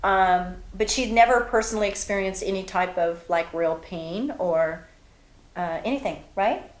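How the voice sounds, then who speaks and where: A woman's voice: medium pitch, measured pace. A middle-aged woman hosting a casual chat, reminiscing about her daughter in a chatty storytelling way. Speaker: host. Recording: echoey room.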